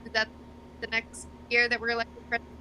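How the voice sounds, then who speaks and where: Young woman podcast guest, very bright tone, rambling and self-deprecating, faint noise behind. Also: on the high side, monotone, fast, low-quality recording. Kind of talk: casual chat.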